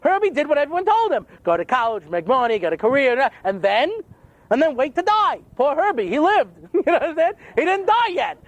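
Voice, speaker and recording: A man's voice: very high-pitched, a little fast, dry recording. An older man giving a humorous lecture as a rabbi, telling stories and acting out quotes. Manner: animated storytelling with jokes and acted-out quotes.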